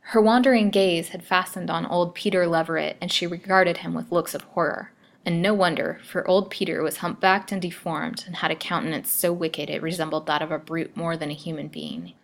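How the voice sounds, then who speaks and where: A woman storyteller reading a melodramatic serial aloud with expressive delivery. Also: on the low side, a little fast, creaky. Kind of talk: scripted narration.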